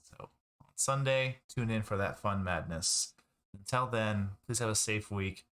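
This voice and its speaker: A man narrating and hosting as game master of a tabletop role-playing game, wry and relaxed. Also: lowish voice, unhurried.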